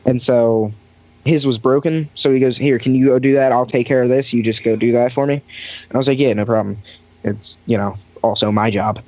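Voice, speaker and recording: A man's voice: medium pitch, steady tone, brisk, darkish tone, dry recording. A young man casually telling a long work story on a podcast, full of fillers and acted-out quotes. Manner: rambling storyteller with many fillers, acts out quoted voices. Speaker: podcast guest recounting lifeguard job. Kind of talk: casual chat. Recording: dry, dull lo-fi sound.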